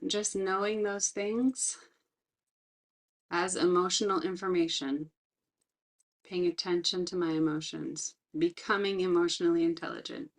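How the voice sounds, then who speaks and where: A middle-aged woman talks earnestly about her own experience while teaching resilience skills. Her voice sits at a middle pitch. She slows down deliberately to lean on the important words. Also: a bit bright. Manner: reflective, earnest, slows down to stress key words. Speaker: resilience trainer. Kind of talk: personal talk with teaching.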